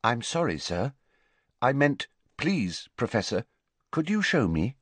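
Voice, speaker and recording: A man voicing a defiant, suspicious eleven-year-old orphan boy who swings between shouting and awed whispers in a storybook reading. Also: medium pitch, sing-song, measured pace, breathy edge, no echo, voice pushed up, heavily acted. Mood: stiffly polite. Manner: shouting then hushed whispers.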